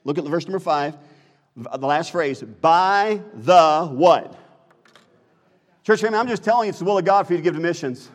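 A man's voice: on the high side, quick pace, in a large hall. An American man, a pastor, preaching a sermon and asking the congregation questions. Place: church sanctuary.

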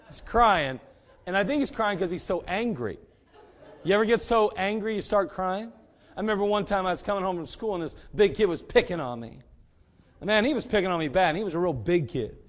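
A man's voice: high voice, animated, brisk. A middle-aged male pastor preaching a sermon in a folksy way, with joking asides and repeated rhetorical questions.

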